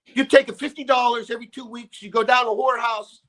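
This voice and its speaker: A man voicing a gruff old immigrant father who rants in exasperation about marriage, loud and swearing. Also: extremely high pitch, fairly even intonation, fast talker, slight background noise, voice pushed up. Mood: exasperated ranting. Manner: loud, exasperated ranting with profanity.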